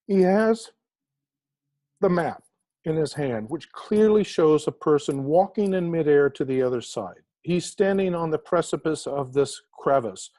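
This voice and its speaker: A man being interviewed as an author who tells an inspirational story with animated emphasis, slowing down to stress key words. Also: on the high side, no echo.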